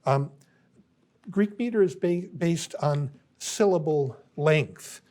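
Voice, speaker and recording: Slow, pausing older male lecturer. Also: a little high, a little mellow. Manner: unhurried, thoughtful, pauses with um and uh. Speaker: university lecturer. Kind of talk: classroom lecture.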